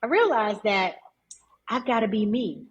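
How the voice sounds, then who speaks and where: A woman entrepreneur, a guest on an interview podcast, telling her story in a lively, emphatic way and repeating words for stress. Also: fairly high pitch, unhurried, lo-fi sound, a little hiss or hum.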